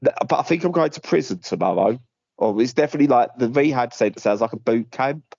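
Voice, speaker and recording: A man co-hosting a podcast in casual chat, talking from a hospital room and rambling through animated stories. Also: medium pitch, fast, creaky, no room sound, lo-fi sound. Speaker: podcast co-host.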